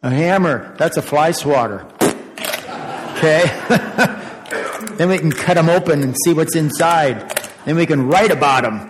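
An older male pastor gives a children's sermon in a chatty, questioning way, chuckling now and then. His voice sits a little high for a man. It rings out through a long-echoing sanctuary. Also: measured pace, long pauses, background noise. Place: church sanctuary. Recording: echoey church sanctuary.

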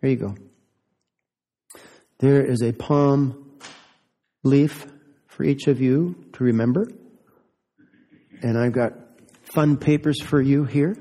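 A man's voice: mid-range voice, takes it slowly, pauses often, mellow, big-room sound. A man giving a children's sermon as a pastor, asking playful, teasing questions of the children.

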